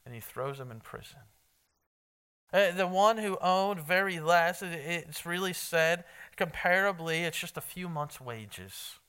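Male preacher, high bright voice, crisp and clean, chatty and emphatic, quizzes the room. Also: animated, unhurried. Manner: conversational, quizzes the congregation, emphatic. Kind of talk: evening sermon with Bible reading.

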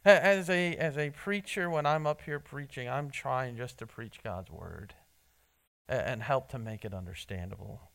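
A man preaching a sermon in church, earnest, often restarting his words and swinging between loud emphasis and soft asides. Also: medium pitch, moderate pace, vocal fry. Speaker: pastor.

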